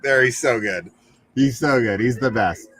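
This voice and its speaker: A man chatting casually with friends while watching a horror film, excitable, profane and quick to laugh. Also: mid-range voice, slight background noise. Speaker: movie reviewer at a watch party. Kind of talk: casual chat, reacting to a film.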